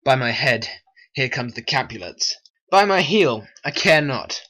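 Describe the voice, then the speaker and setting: A man's voice: medium pitch, animated, unhurried, bright, forceful tone. A man voicing Mercutio, mocking defiant young man. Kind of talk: hobby stop-motion animation voice acting.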